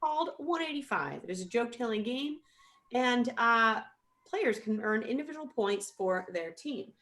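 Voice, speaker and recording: Woman, improv referee, playful, slightly high voice, video-call audio. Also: expressive, normal speed, a bit bright. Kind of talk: casual hosting over video call.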